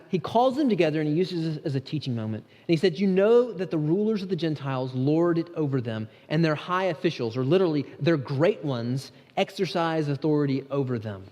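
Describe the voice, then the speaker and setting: A man's voice: on the high side, a little mellow. A male pastor preaching a sermon in an earnest, conversational way, often restarting his sentences. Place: church sanctuary. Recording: church hall with long reverb.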